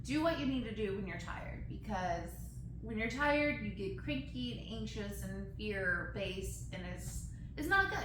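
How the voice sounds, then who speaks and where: Slow, giggly woman reading poems aloud. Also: medium pitch, animated, noisy background. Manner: giggly, self-deprecating, stumbles over hard words. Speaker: poetry reader. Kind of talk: casual poem reading with chatty asides. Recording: very echoey room.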